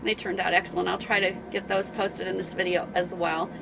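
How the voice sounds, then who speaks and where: A woman's voice: lowish voice, level tone, fairly quick, gravelly, background noise. A middle-aged woman and dog breeder chatting casually on her home video, rambling and a bit out of breath. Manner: rambling, chatty, with many restarts and fillers.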